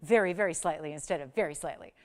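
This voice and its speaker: A woman's voice: deep voice, fast, darkish tone. A woman in her forties hosting a live jewelry auction on a shopping channel, talking in chatty, emphatic sales patter.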